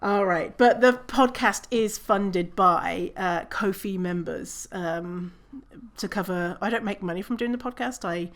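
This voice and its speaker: A woman's voice: medium pitch, a little slow. A woman hosting her own podcast, talking casually on her own, swearing and laughing at herself. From British Columbia, Canada. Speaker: podcast host. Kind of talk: casual solo podcast talk.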